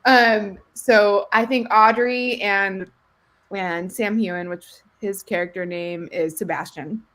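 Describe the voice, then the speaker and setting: A woman's voice: mid-range voice, fairly even intonation, slow, fairly bright tone. A woman co-hosting a casual movie chat podcast, chatty and agreeable, laying out ideas a bit self-deprecatingly. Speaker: podcast co-host.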